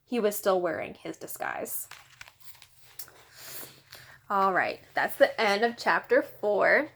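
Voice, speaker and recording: Brief: woman teacher reading aloud, animated and sing-song. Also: mid-range voice, takes it slowly, vocal fry. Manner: expressive, animated storytelling. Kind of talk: reading a children's novel aloud.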